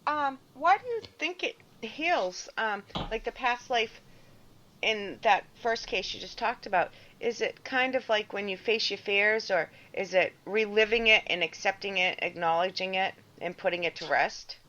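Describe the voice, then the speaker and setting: A woman's voice: medium pitch, animated, moderate pace, bright, forceful tone, dull audio. A woman hosting a radio interview who asks brief questions. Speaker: radio host.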